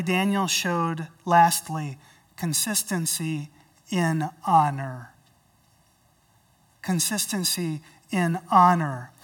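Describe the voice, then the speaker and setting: Sex: woman. Role: pastor. Style: sermon, storytelling with swings from soft to loud. Pace: slow. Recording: distant mic in a church sanctuary. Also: lowish voice. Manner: storytelling with dramatic swings in volume.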